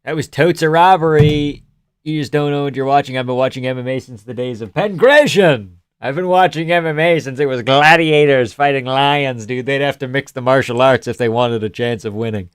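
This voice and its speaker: Smooth-voiced man riffing through a fight stream. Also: medium pitch, brisk, no echo, clean studio sound. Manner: joking, swears often, reads chat aloud. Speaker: live stream host. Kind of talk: casual fight reaction commentary.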